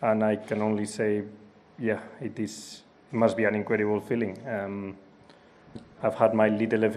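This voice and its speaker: Spanish man, non-native English, lowish and even-toned, composed press answer. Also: a little hiss or hum. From Spain. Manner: steady, articulate and composed. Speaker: racing driver. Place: press conference room.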